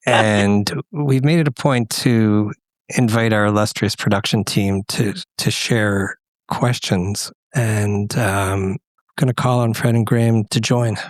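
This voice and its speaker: A man hosting a podcast, asking measured, thoughtful questions. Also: fairly low pitch, steady tone, dry recording, studio quality. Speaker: podcast host. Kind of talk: podcast conversation.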